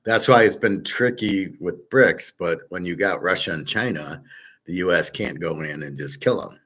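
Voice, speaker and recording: A man's voice: deep voice, moderate pace, fairly bright tone, husky. A man hosting his own commentary show, ranting in an indignant, profane monologue. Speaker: host of a betting and gold commentary show. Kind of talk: opinion monologue.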